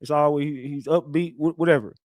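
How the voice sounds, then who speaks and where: A man's voice: on the high side, fairly even intonation, fairly quick, darkish tone, no room sound, studio quality. A man hosting a livestream, talking in a loose, rambling way with street slang and many restarts. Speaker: livestream host. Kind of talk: casual livestream commentary.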